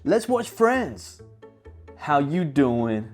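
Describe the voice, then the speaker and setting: A man voicing an eager, slangy young guy, talking high and loud. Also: big pitch swings, very slow, soft background music, exaggerated voice. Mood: casual.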